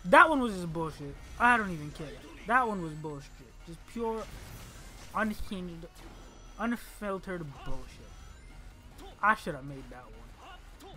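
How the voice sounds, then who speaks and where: Guy cussing out a game he's playing, bright voice, swings from mutters to yells, faint music behind. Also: high voice. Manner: exasperated, swearing, yelling at the game; mutters under breath between outbursts. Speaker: gaming channel host. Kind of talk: casual let's play commentary. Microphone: desk microphone by a laptop.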